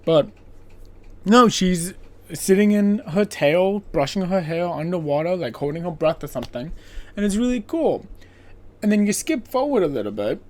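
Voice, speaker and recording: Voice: medium pitch, animated, normal speed, darkish tone. A podcast host recapping an old film's plot in a casual, rambling way, full of filler words and playful sarcasm. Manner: playfully sarcastic, laughs at own jokes.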